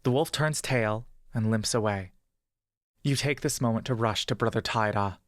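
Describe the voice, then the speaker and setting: A man narrating a fantasy adventure story in the second person, with steady, measured pacing. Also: fairly low pitch, no room sound.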